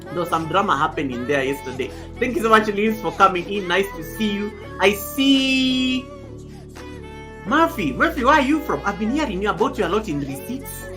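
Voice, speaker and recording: A young woman from Kenya hosting a casual livestream, talking loudly and warmly greeting viewers by name. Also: medium pitch, animated, moderate pace. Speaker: livestream host. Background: background music.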